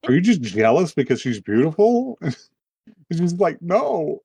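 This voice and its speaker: A man co-hosting a podcast, casually retelling an anime plot with lots of fillers and quick put-on quotes of the characters. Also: a little high, sing-song, gravelly, a little mellow, slightly rough, dry recording. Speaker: podcast co-host. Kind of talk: casual chat recapping an anime.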